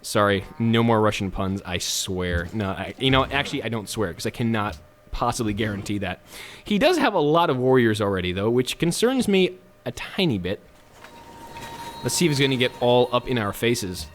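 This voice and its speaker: A man hosts a let's play with casual gameplay commentary. He talks in a chatty way and drops jokes and self-mocking asides. His voice sits at an ordinary middle pitch. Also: big pitch swings, normal speed.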